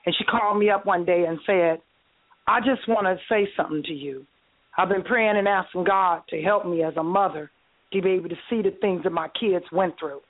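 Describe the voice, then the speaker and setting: A woman hosting a call-in radio talk show, speaking earnestly and readily agreeing with the others. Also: mid-range voice. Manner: earnest, quick to affirm others. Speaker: radio host. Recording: tinny phone-like radio line.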